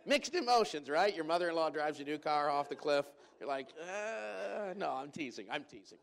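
A middle-aged male pastor giving a sermon in a church auditorium, telling family stories with humor and many fillers and restarts. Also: fairly high pitch.

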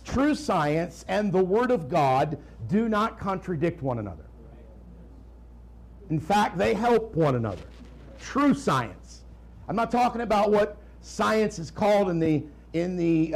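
A man delivers a sermon from the pulpit, his tenor voice riding high above most men's. He slows right down to press each point, then drops into fast, hushed asides to his congregation. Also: gravelly, low-quality recording. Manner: animated preaching, swinging between slow emphatic lines and quiet asides. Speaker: pastor.

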